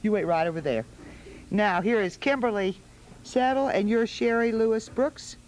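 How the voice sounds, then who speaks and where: A woman's voice: mid-range voice, moderate pace, a little mellow, slight background noise, low-quality recording. A woman hosting a holiday television show in a studio, coaxing small children with sing-song questions. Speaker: television host.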